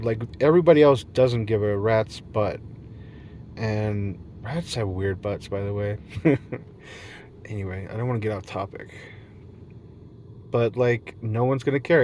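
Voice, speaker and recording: Outdoors in nature at night, a male vlogger with a mid-range voice rambles through a silly, free-flowing monologue, hopping between topics and laughing often. A slight hiss or hum is audible.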